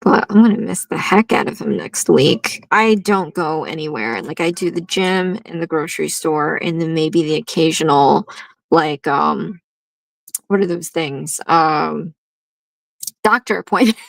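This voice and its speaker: A woman chats at an unhurried pace while she hosts a nail art livestream. Her voice has a gravelly fry and sits in a middle pitch. She rambles freely and laughs often, and the sound is dry and close. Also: no echo, low-quality recording. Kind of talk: casual livestream chat.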